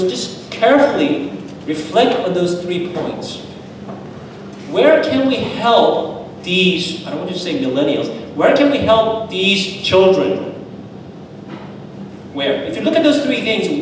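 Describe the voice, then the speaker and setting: A man preaches at a seminar, earnest and storytelling, and he punches his points home with emphatic repeated lists. His fairly high voice comes from far off in a church hall. It rings with a long reverb over a faint background hiss. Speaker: pastor. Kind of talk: seminar talk told through stories.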